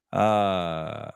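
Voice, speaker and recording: A man's voice: on the low side, creaky, bright, forceful tone, no room sound. Brief: male podcast host, crude jokey banter, dry close mic. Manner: crude, joking, laughs often. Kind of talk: casual podcast chat.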